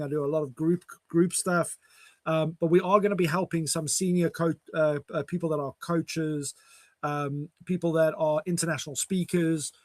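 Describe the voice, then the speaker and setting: A man's voice: a little high, dry recording. A man hosting a casual online chat, talking in a chatty, upbeat way over a video call. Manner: chatty, upbeat sign-offs. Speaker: host.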